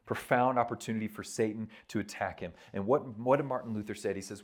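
Man, preacher, retreat sermon, fairly low voice, emphatic, chatty asides. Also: fast. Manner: conversational and emphatic, tags points with "right?".

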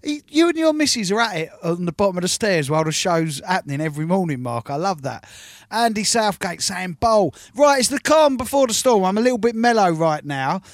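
A man working as a radio DJ, reading out listener shout-outs and introducing tunes in chatty, cheeky patter from a studio. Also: sits high, very animated, fairly quick, no echo.

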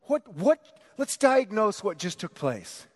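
A middle-aged man preaching a sermon, telling a story about himself in an animated, self-mocking way and acting out the shouting. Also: sits high, slow, breathy edge. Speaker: pastor.

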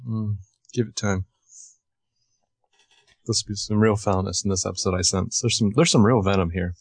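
Man, lowish voice, dry close mic, wry understated humor, casual podcast co-host. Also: steady tone, moderate pace, no echo.

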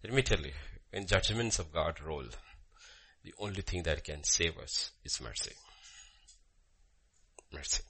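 A man preaching a sermon with a personal story, swinging from loud emphasis to hushed murmurs. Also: low-pitched, lively intonation, normal speed, slightly rough. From Bhutan.

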